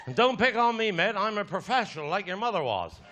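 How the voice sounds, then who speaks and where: Lively bawdy Cornish storyteller man. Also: sits high, brisk. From Cornwall. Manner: broad, bawdy yarn-spinning with crude punchlines. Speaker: stand-up comedian. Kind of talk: stand-up storytelling.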